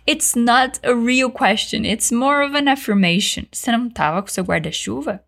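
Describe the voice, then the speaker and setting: A woman teaching English, giving slow, clearly spoken repeat-after-me drills and switching into Portuguese to explain. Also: fairly high pitch, lively intonation, a bit bright. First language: Brazilian Portuguese. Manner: slow, carefully enunciated model sentences.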